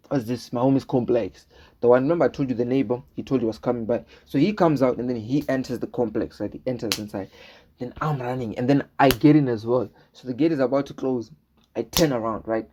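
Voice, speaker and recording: A man's voice: medium pitch, dark tone, breathy edge. A young man casually telling a storytime vlog, rambling, repeating words and often asking "right?" as he acts out what people said. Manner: acts out dialogue in his retelling.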